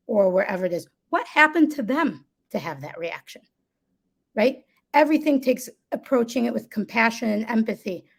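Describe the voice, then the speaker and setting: A woman's voice: medium pitch, vocal fry, breathy edge. A woman speaking as a guest in a live conversation, explaining reflectively and often checking in with "right?". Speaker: guest, listening workshop co-founder.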